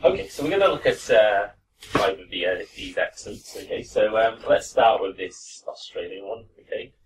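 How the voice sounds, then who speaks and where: A man teaching a pronunciation class to students in a classroom, relaxed and encouraging. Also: fairly low pitch, normal speed, a little hiss or hum. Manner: relaxed, encouraging, demonstrates sounds. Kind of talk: classroom lesson. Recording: distant mic in a classroom.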